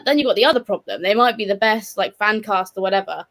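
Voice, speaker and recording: A woman's voice: medium pitch, brisk, fairly bright tone. A young woman talking casually on a live stream. She is frank and playful and pokes fun at herself. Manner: candid, playful, laughs at herself.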